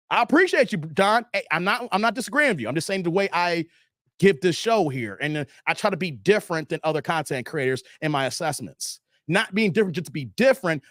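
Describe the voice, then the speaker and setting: Worn out after hours on stream, a middle-aged man chats loosely with his viewers and reads out their comments, laughing a lot and repeating himself. His voice is high, captured in a dry, studio-quality recording.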